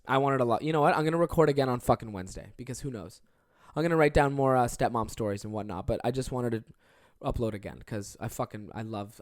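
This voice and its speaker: A young man hosting his own podcast alone from his office, rambling casually with lots of swearing and self-deprecating asides. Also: medium pitch. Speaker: podcast host. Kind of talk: casual solo podcast chat.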